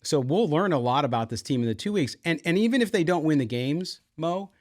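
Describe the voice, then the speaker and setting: A man's voice: a little high, expressive, fairly quick, dry recording, clean studio sound. A man hosting a sports podcast in casual talk, full of asides.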